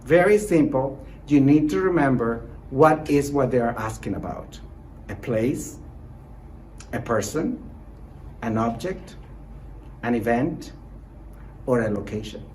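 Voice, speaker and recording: Lively, encouraging male Spanish teacher. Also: medium pitch, slight background noise, rough recording. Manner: encouraging, repeats short praise and reassurance; models example sentences slowly and clearly. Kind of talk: recorded online language lesson.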